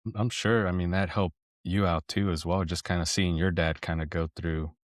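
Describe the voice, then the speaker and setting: A man's voice: sits low, steady tone, normal speed, no echo, studio quality. A man co-hosting a podcast, chatting casually and telling easygoing family anecdotes. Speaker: podcast co-host. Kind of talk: casual chat.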